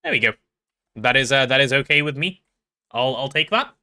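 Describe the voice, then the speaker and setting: A man's voice: medium pitch, expressive, normal speed, bright, forceful tone. A man live-streaming a game, chatting casually and rambling as he reads chat and talks through his build.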